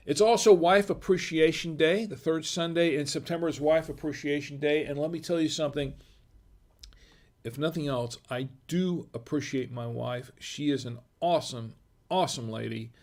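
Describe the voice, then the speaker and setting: A man's voice: on the high side, normal speed. A middle-aged man hosting a wine review livestream, chatting casually in a rambling, digressive way and chuckling often. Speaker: host of a wine review show.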